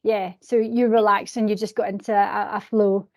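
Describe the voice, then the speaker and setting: A woman's voice: mid-range voice, level tone, moderate pace, a little mellow. A woman hosting a virtual career panel, encouraging her guests and putting questions to them by name. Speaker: host.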